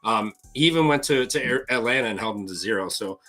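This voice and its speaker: A man co-hosting a live betting show, laid-back and joking as he runs through a pitcher's stats. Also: animated, quick pace, a bit bright. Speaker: sports betting co-host. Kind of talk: casual live-stream betting talk.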